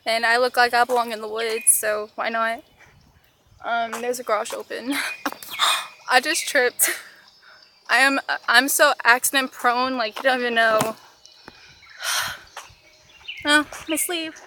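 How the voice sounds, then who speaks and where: Teen girl vlogging on a woods walk, high bright voice, slow dramatic self-mocking chatter, faint outdoor noise. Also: steady tone. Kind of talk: casual vlog narration while hiking.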